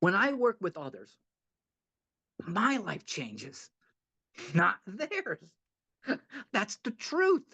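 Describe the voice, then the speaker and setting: A man's voice: sits high, wildly swooping pitch, drawn-out words, pauses often, pushed and bright, husky. A man giving a heartfelt, rambling talk at a recovery meeting, often repeating himself and laughing a little.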